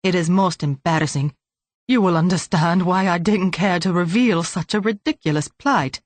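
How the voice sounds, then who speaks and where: A woman's voice: lowish voice, normal speed, no room sound, lightly acted. A woman voicing a prim, nervous male lawyer who gabbles in an audiobook. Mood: flustered.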